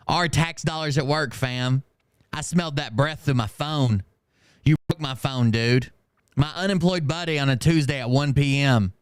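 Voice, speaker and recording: A man's voice: on the high side, animated, moderate pace, smooth, dry recording, clean studio sound. A man hosting a stream, reading viewer comments aloud in casual, mocking commentary and laughing often.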